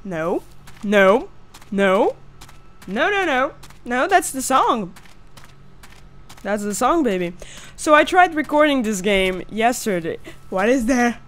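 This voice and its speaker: Woman, young adult, high voice, slow talker, horror game commentary, jokey, swears. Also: sing-song. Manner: jokey, swearing, shrieks when scared. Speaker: gameplay video host. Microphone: headset or desk mic.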